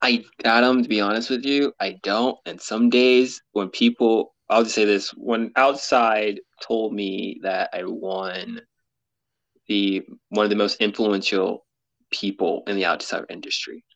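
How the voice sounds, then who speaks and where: A man's voice: lowish voice, steady tone, a little slow, fairly bright tone, dry recording, poor audio. A man being interviewed as a mountaineer and explorer, speaking candidly in an earnest, rambling way and laughing often. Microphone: podcast mic, camera off.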